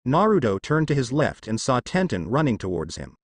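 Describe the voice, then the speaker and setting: A man's voice: mid-range voice, big pitch swings, fairly quick, no room sound. A man reading fanfiction aloud, telling the story steadily. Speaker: fanfiction narrator.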